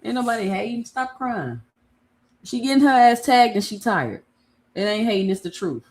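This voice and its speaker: A woman's voice: a little high, lively intonation, normal speed. A woman co-hosting a live boxing stream, blunt and casual, often reading the chat aloud. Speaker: boxing podcast co-host.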